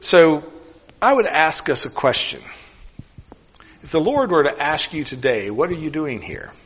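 A man preaching a sermon in an earnest, questioning way, often dropping his voice softly on key lines. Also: on the high side, animated, measured pace, breathy edge, long reverb tail, muffled recording.

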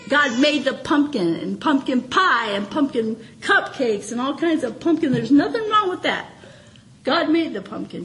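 A middle-aged woman with a high voice gives an informal sermon to the saints. She swings between bright, excited exclamations and low, quiet murmurs, laughing often. Faint background noise runs under the recording. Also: low-quality recording. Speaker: church speaker.

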